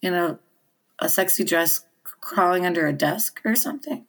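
A woman's voice: on the low side, moderate pace. A woman co-hosting a podcast who rambles and hesitates, searching for her words in casual chat. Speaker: podcast co-host.

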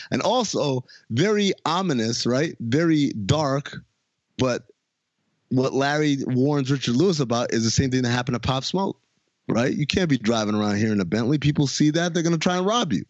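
A man in casual podcast conversation, animated and playful as he retells scenes and tosses questions to his co-hosts. His voice sits in a middle register. The recording is dry and a little muffled. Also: mid-range voice, no room sound. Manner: animated, laughing, jokey storytelling. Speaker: podcast host. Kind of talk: casual chat recapping a TV episode.

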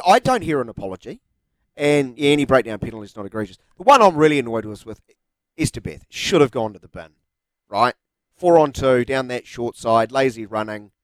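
A man's voice: mid-range voice, dry recording. A middle-aged man with a New Zealand accent hosting a sports radio show, arguing his points and reading out listener texts. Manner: animated, argumentative, reads out listener texts. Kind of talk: opinionated sports radio talk.

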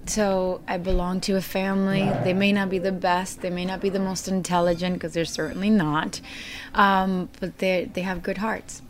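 A woman's voice: on the low side, little pitch movement, moderate pace, slight background noise. A woman interviewed on a film set, chatting casually, giggly and hesitant with many restarts.

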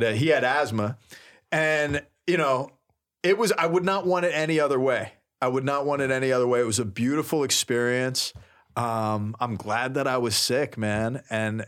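A man who is a priest, telling a story in a casual, animated, slangy way and laughing often on a talk show. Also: mid-range voice, normal speed. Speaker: priest, co-host.

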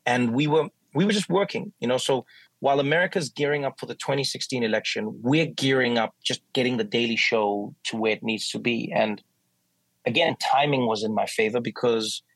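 Husky South African man telling stories. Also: mid-range voice, brisk, no echo, rough recording. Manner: animated, acts out quoted voices. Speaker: guest. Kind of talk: casual interview storytelling.

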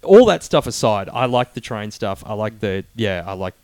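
A man co-hosting a casual film review chat, animated and halting, with many fillers and restarts. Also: lowish voice.

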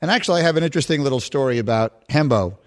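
A middle-aged man hosting a sports talk show, telling a story with lively quoted voices. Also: very fast. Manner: animated storyteller, voice jumps high when quoting. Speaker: sports radio host.

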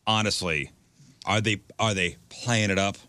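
A man's voice: lowish voice, a little slow, bright, forceful tone, dry recording. A man hosting a morning radio show, bantering playfully with his co-hosts. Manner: playful, jumps into goofy voices.

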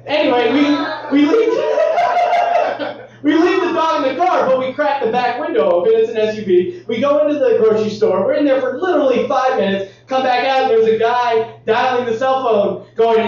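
A man's voice: very high-pitched, animated, moderate pace, a little mellow. A man hosting a show, chatting casually and telling wry, playful stories. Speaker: podcast host. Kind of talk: casual comedic chat. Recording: roomy, distant, dull live mic.

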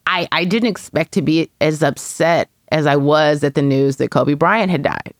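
A woman's voice: sits low, moderate pace, dry recording, clean studio sound. A woman, a parenting columnist, thoughtfully recounting a personal story in a casual podcast conversation. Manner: reflective, storytelling, frequent fillers.

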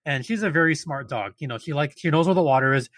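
Man telling an animated hiking story. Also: a little high, fast, dry recording. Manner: animated, exasperated retelling. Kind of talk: casual storytelling chat.

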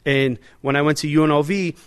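A man's voice: fairly high pitch, steady tone, brisk, clean tone. A man in his forties, a restaurant owner and chef, talking casually and animatedly in an interview, with many fillers and restarts.

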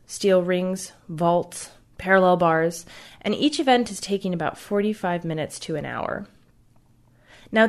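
A woman's voice: medium pitch, a little mellow. A woman host gives scripted narration of the story. She delivers it with a dry, wry touch of understatement.

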